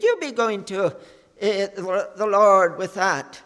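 Slow high-voiced preacher in a hall. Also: male voice, fairly bright tone. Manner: slow, earnest preaching with many pauses and fillers. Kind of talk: sermon.

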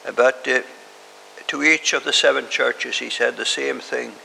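A man preaches with a heavily gravelly voice that has a bright, forceful edge. He speaks in a measured way and pauses often with hesitations. The recording has a long hall reverb and faint hiss. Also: medium pitch, steady tone. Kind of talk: sermon.

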